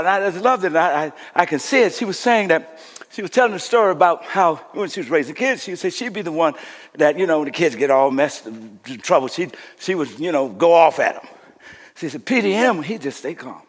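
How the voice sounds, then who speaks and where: A man preaching a sermon as pastor, calling out to the congregation and swinging from shouts to soft hushes. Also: fairly high pitch, slightly rough, long reverb tail.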